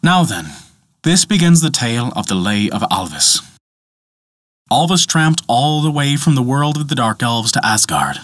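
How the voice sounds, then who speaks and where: A man's voice: mid-range voice, very animated, normal speed, a bit bright, no room sound, clean studio sound. A man narrating a myth as storyteller in a theatrical scripted style.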